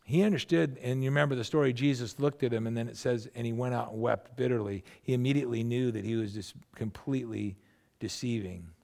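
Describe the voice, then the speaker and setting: A man preaching a sermon in a conversational, animated way, with asides and acted-out quotes. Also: medium pitch, fast talker, creaky. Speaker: pastor.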